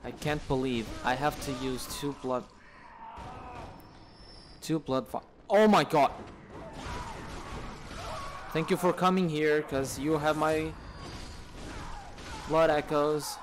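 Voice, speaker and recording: A man's voice: fairly high pitch, takes it slowly, pauses often, background noise. A man giving live commentary on his own gameplay, exasperated and swearing at the enemies on screen. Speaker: let's play gamer. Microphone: desk mic, camera off.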